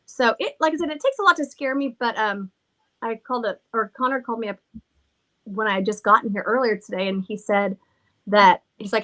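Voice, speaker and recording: This middle-aged woman owns a haunted villa and rambles through stories in a casual chat, laughing and swearing freely. Her voice is a little high, brisk, and a bit bright.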